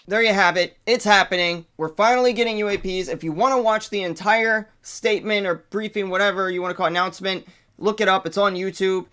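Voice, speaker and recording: A man hosting his own channel, ranting in an excitable, profane way that swings between hype and anger. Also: high-pitched, brisk, clean tone. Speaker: channel host. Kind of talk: casual vlog rant.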